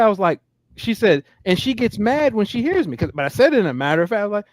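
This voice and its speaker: A man's voice: high-pitched, fast, dry recording, soft background music. A man hosting a live-streamed podcast, telling a story in a casual, profane way and acting out the quotes. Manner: animated, profane, acts out quotes. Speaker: podcast host. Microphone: studio mic on a live stream.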